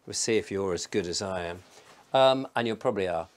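A man from England talks his way through a home cooking vlog indoors, his voice sitting on the low side. He thinks aloud as he works, rambling and poking fun at himself in a relaxed, chatty way. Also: brisk. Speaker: vlogger. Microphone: microphone in a room.

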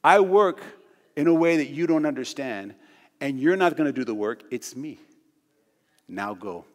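A man speaking as God, calm and firm as he insists on sending the reluctant Moses. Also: mid-range voice, normal speed, close to an everyday voice. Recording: long church hall reverb.

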